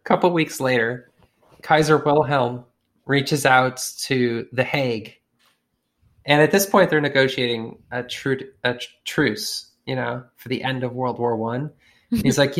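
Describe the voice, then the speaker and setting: A man spinning a comic story in loose, slangy, profane talk, with a mid-range voice. He jumps into quick voices for the people in his tale. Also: mid-range voice, fairly even intonation, a bit bright. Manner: profane, slangy, acts out characters with shifting voices. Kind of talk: casual comedic storytelling.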